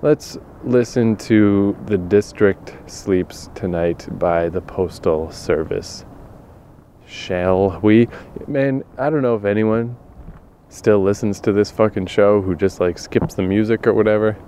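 A man's voice: fairly low pitch, slow pace, warm tone, a little hiss or hum. A tired man hosting his own podcast, rambling on his own, self-deprecating and swearing often. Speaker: podcast host. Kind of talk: rambling solo monologue.

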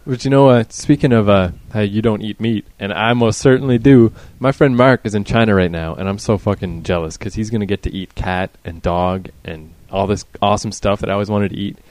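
A man's voice: fairly low pitch, fairly quick, few pauses, a little mellow, dry recording. A man co-hosting a casual podcast chat, joking crudely and swearing freely. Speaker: podcast co-host.

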